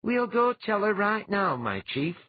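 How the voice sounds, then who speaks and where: A man's voice: a little high, very animated, normal speed, slightly rough, no echo, lo-fi sound, pitched above the performer's own voice. A man playing an eager young warrior.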